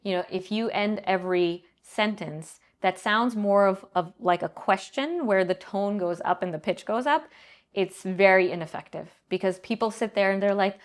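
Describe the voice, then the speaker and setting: A middle-aged woman answering interview questions in a measured, explanatory way, often pausing to check in with "right?". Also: mid-range voice. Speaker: guest, banking leader and professor.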